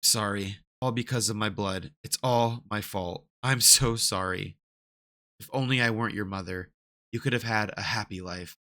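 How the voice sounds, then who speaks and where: A man reading as a soft-spoken, grieving mother. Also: on the low side, moderate pace. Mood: sorrowful. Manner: soft and apologetic. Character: gentle self-sacrificing young mother.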